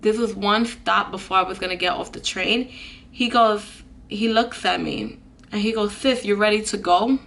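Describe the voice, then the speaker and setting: Earnest young woman with a gravelly voice. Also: medium pitch, moderate pace, fairly bright tone. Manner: earnest, lots of "like" fillers. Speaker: vlogger. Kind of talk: storytime vlog.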